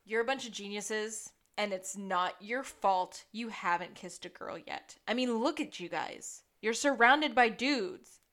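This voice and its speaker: A woman's voice: mid-range voice, unhurried, hardly any pauses, a bit bright. A woman co-hosting a podcast, chatting casually about a TV episode, laughing often and adding playful asides. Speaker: podcast co-host. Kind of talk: casual recap chat.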